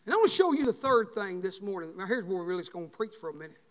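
Impassioned male preacher with a folksy delivery; high-pitched, recorded with a long church-hall echo. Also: sing-song, racing. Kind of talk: sermon.

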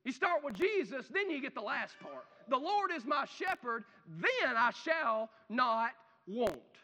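A male pastor preaching a sermon, swinging from loud declarations to hushed, drawn-out phrases. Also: very high-pitched, very animated. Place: church. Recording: long reverb of a church hall.

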